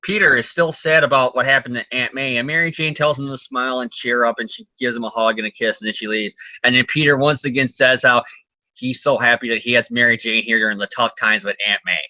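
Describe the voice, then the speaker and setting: A man's voice: medium pitch, steady tone, fast, pushed and bright, no room sound, dull audio. A man co-hosting a casual comic podcast, recapping stories with jokes, silly voices and swearing.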